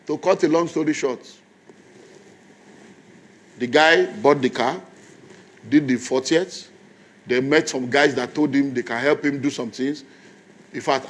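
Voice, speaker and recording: A man's voice: mid-range voice, normal speed, long pauses. A man, a pastor telling a story in a sermon in an emphatic, conversational way.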